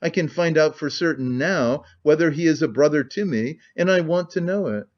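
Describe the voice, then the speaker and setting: A man's voice: on the high side, normal speed, dull audio, voice pushed up, natural voice. A man voicing an earnest, proud young woman who speaks with feeling.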